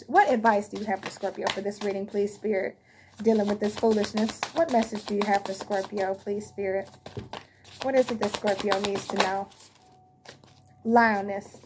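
A woman's voice: medium pitch, background noise. A woman giving a casual tarot card reading to her viewers, blunt and heated, with plenty of swearing. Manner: blunt, profane, heated, speaks straight to viewers. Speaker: tarot reader.

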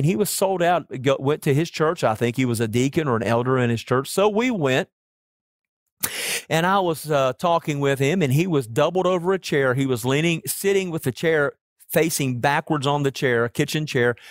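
A man preaching a sermon as pastor, telling stories earnestly and slowing down to stress key words. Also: on the high side, no room sound, studio quality. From Oklahoma.

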